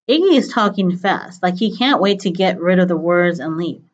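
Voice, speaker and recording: A woman reading a novel aloud in a steady, plain storytelling manner, on a dull lo-fi recording. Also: fairly low pitch, normal speed, few pauses. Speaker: reader.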